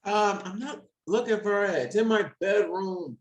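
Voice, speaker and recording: A man with a middle-pitched voice on a casual group video call. He speaks haltingly, with fillers and restarts. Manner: hesitant, many fillers and restarts. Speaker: podcast co-host.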